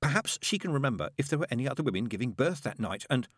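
A man's voice: medium pitch, very animated, fast talker, fairly bright tone, dry recording, studio quality, pitched above the performer's own voice. A man voicing a prim, fussy male angel with a mild, proper manner.

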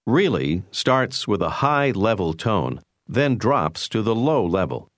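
A man narrating a language course in a clear, measured way, prompting the learner with phrases to say. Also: lowish voice, very animated, dry recording, studio quality. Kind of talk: scripted instructional narration.

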